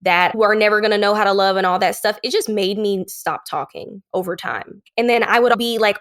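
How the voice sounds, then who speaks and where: A woman who is a podcast guest, telling a candid personal story and acting out the quoted lines in a lively way. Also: medium pitch, a little fast, few pauses. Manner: animated, acts out quoted lines.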